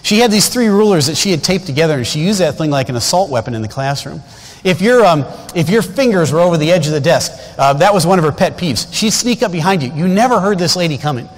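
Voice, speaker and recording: Fast and animated, with a fairly high pitch, this guest preacher in his fifties tells stories in his sermon. The tone is folksy and conversational, with regular asides to those in the pews, all echoing with long reverb in a large church.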